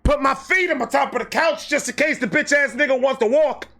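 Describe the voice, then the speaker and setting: This storyteller host has a high, bright, gravelly voice and a New York accent, and he talks fairly quickly through a wild, high-energy storytime. He curses freely, acts out voices, and keeps dropping into low, muttered asides.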